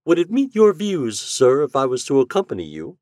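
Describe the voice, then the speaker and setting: A man's voice: medium pitch, wildly swooping pitch, fairly quick, a little mellow, no echo, studio quality, pitched above the performer's own voice. A man voicing a polite, deferential hotel servant who keeps dropping his voice on "sir".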